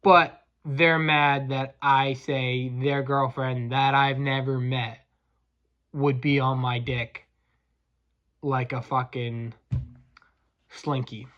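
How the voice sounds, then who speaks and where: Casting: profane podcast host, crude combative rant, mid-pitch, dull lo-fi recording. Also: male voice, little pitch movement, takes it slowly, long pauses. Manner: crude, combative, stumbling restarts.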